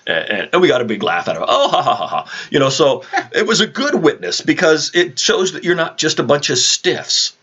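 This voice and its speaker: Vlog host, male, husky, animated storyteller; dull lo-fi audio. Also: a little high, a little fast, few pauses. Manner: rambling, animated anecdote-telling with frequent restarts. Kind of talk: casual storytelling chat. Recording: dull lo-fi recording.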